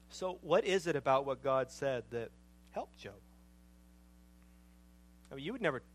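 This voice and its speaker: A middle-aged man preaching a sermon, emphatic, repeating phrases, swelling to loud passionate peaks and then dropping low. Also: a little hiss or hum, poor audio.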